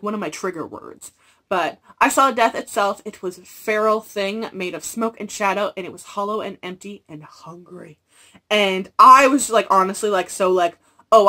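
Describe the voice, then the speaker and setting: A young woman in a casual book haul video, animated and gushing, with exaggerated reactions. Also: mid-range voice. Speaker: book vlogger.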